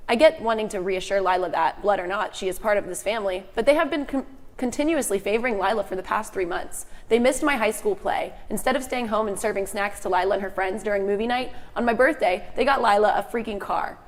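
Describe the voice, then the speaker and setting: A woman's voice: mid-range voice, fast, in a large hall. A woman co-hosting a casual afternoon show. She chats with her co-hosts and reads a story aloud, often restarting her sentences. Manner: chatty, restarts lines while reading. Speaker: co-host.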